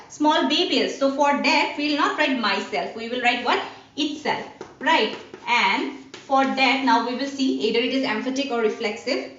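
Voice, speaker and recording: A woman teacher, Indian English, roomy and distant. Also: sits high. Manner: explains step by step, asks and answers her own questions. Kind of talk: online class lesson. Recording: dull, roomy sound from off-mic.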